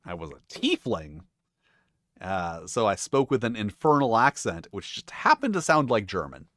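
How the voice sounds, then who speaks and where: A man's voice: fairly low pitch, big pitch swings, normal speed, fairly bright tone, dry recording, studio quality. A man hosting a tabletop game video, chatting casually in a rambling, self-mocking way with frequent swearing. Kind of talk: casual chat.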